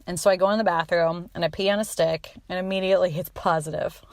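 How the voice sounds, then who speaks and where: A woman's voice: fairly low pitch, fairly even intonation, quick pace, a little mellow. A woman in her thirties hosting a podcast, telling a personal story in a casual, chatty way, full of "like" fillers and swearing, and acting out her own quoted lines. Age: 30s. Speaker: podcast host.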